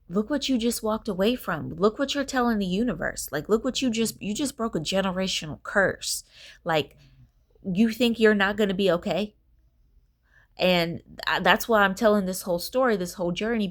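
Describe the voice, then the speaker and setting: A woman vlogger giving an emphatic motivational talk to her viewers. She repeats herself for effect and swears casually, speaking from a hotel room. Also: mid-range voice. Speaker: inspirational vlogger.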